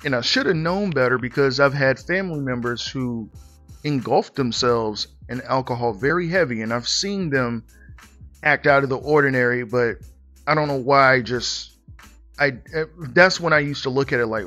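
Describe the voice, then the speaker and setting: Man, podcast host, casual news commentary, mid-pitched voice, faint music underneath. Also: normal speed, pushed and bright. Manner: reads news aloud then reacts with blunt, laughing commentary.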